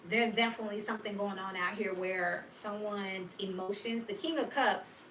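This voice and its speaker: A woman's voice: mid-range voice, moderate pace, a little hiss or hum. Blunt, slangy woman reading tarot. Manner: blunt, slangy, swears freely; animated storyteller. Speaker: tarot reader. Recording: roomy echo, distant mic.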